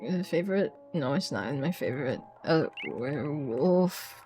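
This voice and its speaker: A young woman VTuber chatting live with her viewers, excitable, swearing and laughing often, into a desk mic at home. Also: sits low, normal speed, soft background music. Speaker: VTuber streamer. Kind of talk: casual live-stream chat. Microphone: desk microphone.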